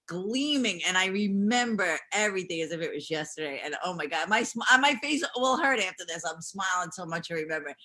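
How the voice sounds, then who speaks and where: Bubbly bright-voiced woman guest. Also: medium pitch. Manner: bubbly, rambling, laughs often. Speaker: interview guest, pro wrestler. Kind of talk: casual interview chat.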